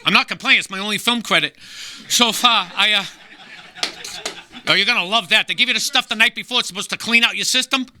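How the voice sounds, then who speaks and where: A man performing a stand-up comedy set as guest comedian, gruff and wisecracking, slipping into voices. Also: high voice, fast, sharp tone, slight background noise. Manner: gruff, wisecracking storyteller who slips into voices. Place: small live venue.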